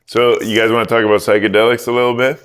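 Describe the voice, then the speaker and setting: A man's voice: mid-range voice, level tone, fast talker, a bit bright, smooth. A man hosting a podcast, talking in an opinionated, reflective way in casual chat. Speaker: podcast host.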